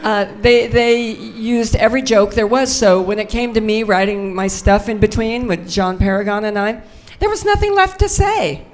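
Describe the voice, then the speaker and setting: A woman's voice: mid-range voice, normal speed. An older woman telling anecdotes as a guest on a convention panel, chatty and self-mocking. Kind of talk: storytelling on a fan panel. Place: convention stage before a live audience.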